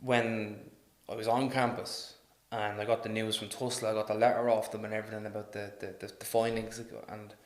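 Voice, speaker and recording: A man with a Dublin accent, a podcast guest telling stories in a casual, animated way, laughing and swearing often. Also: fairly low pitch, a little fast, few pauses. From Ireland. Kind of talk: casual storytelling. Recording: roomy echo.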